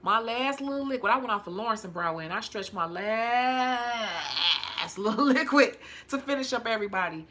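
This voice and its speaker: A woman's voice: on the high side, moderate pace, noisy background. A woman from hosting a casual livestream as a nail technician, chatty and emphatic, repeating her points and laughing often.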